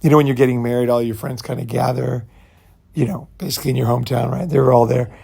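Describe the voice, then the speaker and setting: Gravelly-voiced man rambling casually. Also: medium pitch, flat delivery, fast talker, warm tone. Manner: loose, repetitive, peppered with "you know" and "right"; blunt, profane. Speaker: channel host.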